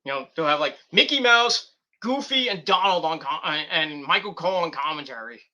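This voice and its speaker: A man's voice: a little high, expressive, a little fast, bright, forceful tone, lo-fi sound. A man reviewing a wrestling show in a loose, rambling way, giggling and restarting his sentences. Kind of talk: rambling casual commentary.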